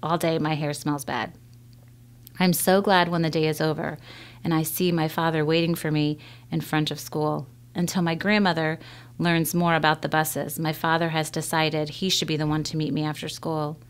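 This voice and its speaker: A woman reading a children's novel aloud in a measured first-person storytelling manner. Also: low-pitched, level tone, smooth. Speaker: reader.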